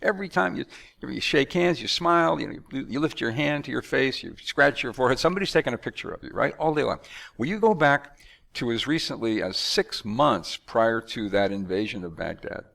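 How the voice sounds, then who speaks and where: A man from the United States talking in a conversational monologue, animated and acting out announcers and magicians. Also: mid-range voice, brisk, gravelly. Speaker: speaker.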